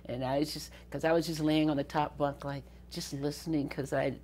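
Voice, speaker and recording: A woman's voice: low-pitched, flat delivery, brisk, darkish tone, a little hiss or hum. An older woman from the Southern United States recounting memories in an interview, laughing often and acting out the voices of people she quotes. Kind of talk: storytelling interview.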